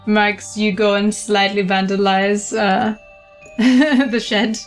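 A woman's voice: mid-range voice, fairly even intonation, slow pace, soft background music. A woman running a tabletop horror game as game master, dry and teasing, often laughing.

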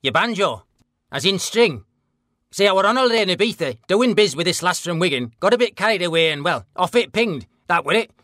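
An actor playing a blunt, deadpan middle-aged northern English ex-stalker, in a mock documentary interview. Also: male voice, high-pitched, brisk, no echo, clean studio sound. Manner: deadpan, blunt, plain-spoken.

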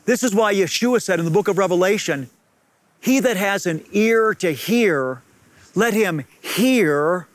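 A man preaching as a rabbi in a slow, emphatic sermon with repeated phrases. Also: high-pitched, no echo.

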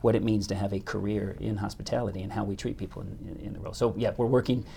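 A man's voice: lowish voice, fairly even intonation, vocal fry, dark tone, slight background noise. A man being interviewed as a hotel company executive, speaking with frequent restarts and repetitions. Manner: halting, many restarts. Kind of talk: business interview.

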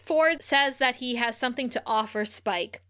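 A woman's voice: moderate pace, bright, forceful tone, clear, resonant tone. A young woman co-hosting a casual recap podcast, laughing often and acting out quotes. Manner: laughs often, acts out quotes with raised pitch. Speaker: podcast co-host.

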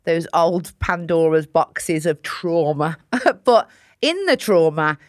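A woman with a low voice talks in a loose, casual interview. She is blunt and swears freely, poking fun at herself as she goes. The sound is dry and close. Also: lively intonation, takes it slowly, dry recording. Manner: blunt, sweary, self-mocking. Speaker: interview guest, comedian. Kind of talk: casual chat.

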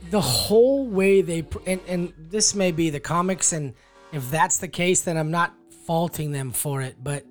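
A man with a notably high voice rambles through a film review, leaning on like and um as he gathers his thoughts. Faint music hums in the background. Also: normal speed. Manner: rambling, full of likes and ums. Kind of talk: casual chat.

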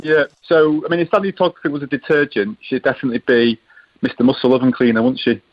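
A man's voice: mid-range voice, steady tone, fast. Jokey male caller on a dull line. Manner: jokey, rambling, stumbling over words. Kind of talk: phone-in call.

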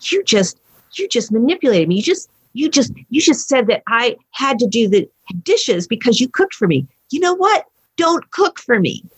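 A man's voice: very high-pitched, lively intonation, moderate pace, breathy edge, no room sound, voice pushed up, exaggerated voice. A woman voicing her young son, who speaks plainly and matter-of-factly. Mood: blunt.

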